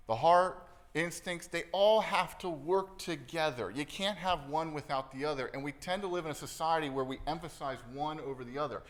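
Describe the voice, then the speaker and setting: A man preaching a sermon in a conversational style. He keeps checking in with his listeners and acts out inner voices with changes in pitch and loudness. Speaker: pastor.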